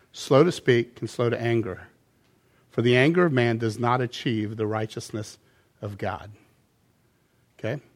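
Man preaching, middle-aged, animated, loud emphasis then quiet asides. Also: mid-range voice. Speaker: pastor. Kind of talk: sermon.

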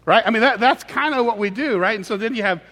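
A man preaching a humorous sermon in a conversational, teasing way with animated asides. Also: high-pitched, quick pace, in a large hall.

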